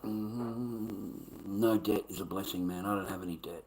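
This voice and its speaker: An Australian man on a livestream, talking in a blunt, profane, rambling way, lecturing and breaking into loud bursts. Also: low-pitched, level tone, quick pace, slight background noise, low-quality recording. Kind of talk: casual rambling livestream chat.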